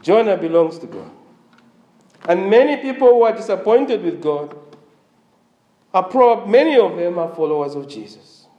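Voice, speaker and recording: A man preaching a sermon in a high, lively voice that rises and falls as he questions the congregation. His voice sounds slightly strained, and it rings around a reverberant church room. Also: moderate pace, pauses often, highs cut off. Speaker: pastor.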